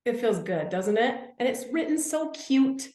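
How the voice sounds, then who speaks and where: A woman's voice: a little high, lively intonation, measured pace, dark tone, echoey room. A woman in her thirties or forties leading a live workshop, talking eagerly and emphatically to the group and repeating phrases for effect. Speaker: workshop speaker.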